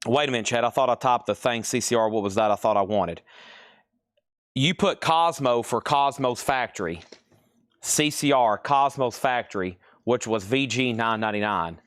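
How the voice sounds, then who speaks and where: A man runs a casual live sale from his store, rattling off items and prices. He talks in a chatty, teasing way. His voice sits at a middling pitch and the sound is dry and close. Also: moderate pace, a bit bright, clean tone, no echo. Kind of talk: casual live-stream selling.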